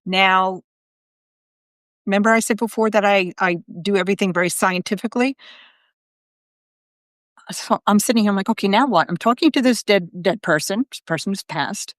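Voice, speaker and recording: A woman's voice: medium pitch, normal speed, pauses often, no echo. A woman psychic medium telling a story to viewers in a chatty live video. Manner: chatty, talks straight to viewers.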